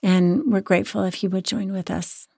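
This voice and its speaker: A hoarse woman co-hosting a podcast as a sex therapist, talking in an earnest, reflective way. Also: mid-range voice, level tone, moderate pace, dark tone, no echo, clean studio sound. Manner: earnest, reflective, many restarts. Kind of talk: casual podcast chat.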